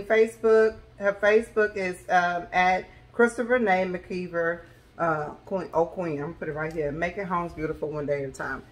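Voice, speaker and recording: Gushing woman, lowish voice. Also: moderate pace. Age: adult with school-age children. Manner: gushing and excitable, chatty with viewers. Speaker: vlogger sharing a grocery haul. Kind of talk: casual chat to camera. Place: home kitchen.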